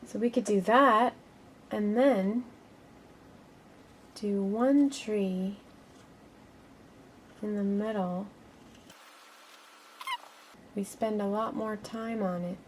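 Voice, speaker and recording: A woman teaching a children's art lesson, speaking gently and encouragingly to young viewers as she draws. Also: mid-range voice, steady tone, very slow, long pauses, slight background noise.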